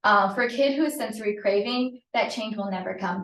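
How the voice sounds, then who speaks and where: A woman occupational therapist talks parents through a lesson in a relaxed, conversational way, dotting her points with "um" and "right?". Her voice sits at an ordinary middle pitch. It sounds picked up from some distance in a reverberant room. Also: a little fast, hardly any pauses. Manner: conversational, often checks in with "right?"; frequent "um" fillers. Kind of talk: informal teaching presentation. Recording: roomy, from a distance.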